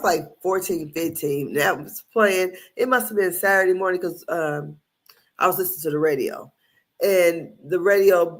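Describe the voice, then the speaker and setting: Casual talk host: middle-aged woman from Indiana, rambling, laughs a lot, mid-pitched voice. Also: fairly bright tone. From Indiana, USA. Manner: chatty, laughing, rambling storyteller. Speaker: podcast host. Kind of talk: casual commentary.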